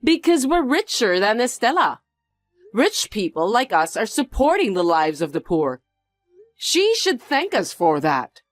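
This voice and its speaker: A woman acting out a condescending rich woman in a drama, taunting those below her in a lively, swooping voice. She speaks slowly and deliberately. The recording is dry and close, with faint music underneath. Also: on the high side, no room sound. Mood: indignant. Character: snobbish, mocking wealthy woman.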